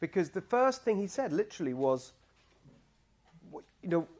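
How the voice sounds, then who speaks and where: A man's voice: sits high, very animated, moderate pace, a little mellow. A middle-aged man with a British accent giving a chatty, self-deprecating campaign talk to a crowd in a barbecue restaurant, bantering with the audience. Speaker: political candidate.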